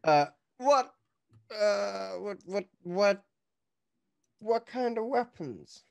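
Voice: medium pitch, animated, vocal fry, darkish tone, no room sound, voice pushed up, full character voice. A game master voicing a polite, flustered male smith who stammers through his questions. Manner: stammering, halting and fussy. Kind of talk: tabletop role-play character voice.

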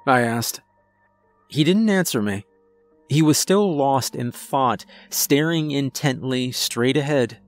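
A man narrating a scripted first-person horror story in a slow, steady storytelling manner. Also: medium pitch, soft background music.

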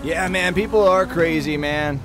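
A man plays a mellow, easygoing character in a game roleplay. He drawls and keeps saying "man," with a faint hiss of noise behind him. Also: fairly high pitch, a little slow. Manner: laid-back drawl, says "man" constantly. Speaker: roleplay player.

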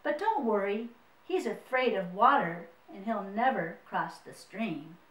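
A woman's voice: medium pitch, expressive, a little slow, fairly bright tone, far from the mic. A woman voicing a fat old male mouse, smug and scornful, who snorts and dismisses dreams. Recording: roomy, mic set away.

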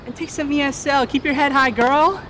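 An actor playing a sassy office assistant. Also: male voice, extremely high pitch, fairly even intonation, moderate pace. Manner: sassy, chatty, calls people honey and girl. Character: overly helpful, sassy male office assistant. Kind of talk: comedy web series acting.

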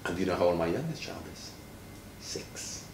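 Speaking in rapid-fire bursts, the Jamaican man in his fifties has a low, creaky voice with lively intonation. A retired footballer, he quizzes a child playfully during a friendly teaching chat and drags words out for emphasis. It's recorded from far off in a roomy space with faint noise.

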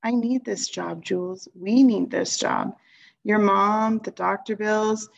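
Woman reading a tired gentle dad, patient and hesitant, bit of fry in the voice. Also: medium pitch, steady tone, slow pace, muffled recording. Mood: worried. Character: gentle tired middle-aged father, worried zookeeper.

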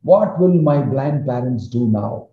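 A man's voice: mid-range voice, animated, measured pace. A man voicing a wounded young man who cries out in pain and reproach, then resigns himself. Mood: anguished. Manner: crying out in reproach. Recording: roomy, slightly dull recording.

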